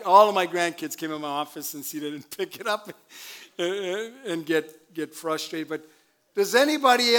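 A man's voice: a little high, a bit bright. An older man, a pastor, preaching a sermon in a church, chatty with laughing asides and calls for amen. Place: church sanctuary.

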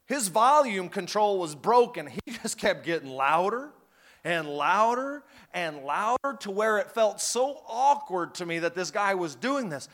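A man preaching a sermon, telling a story and rising to loud, fervent bursts. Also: sits high, very animated, unhurried.

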